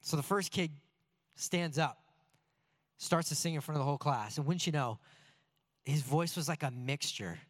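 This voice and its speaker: High-voiced earnest male preacher. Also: normal speed, pauses often. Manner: earnest, animated, self-deprecating. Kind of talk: sermon with personal storytelling.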